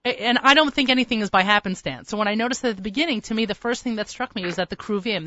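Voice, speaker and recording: Effusive woman radio host, bright forceful voice, dry slightly dull lo-fi sound. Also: a little high, dry recording. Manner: effusive, enthusiastic. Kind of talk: radio interview.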